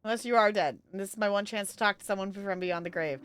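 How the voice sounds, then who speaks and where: A woman's voice: medium pitch, fast talker, clear, resonant tone, no echo, natural voice. A woman voicing a worried young woman friend on the phone, reading the game's dialogue aloud in an anxious tone. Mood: uneasy. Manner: anxious, nervous laughter.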